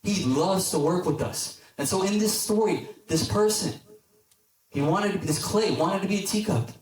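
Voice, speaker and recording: Man preaching to youth in an echoey hall. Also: moderate pace. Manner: conversational, checks in with the audience; storytelling, drops low for emphasis. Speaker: deacon preaching to a youth group. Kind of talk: casual sermon. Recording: echoey hall, distant mic.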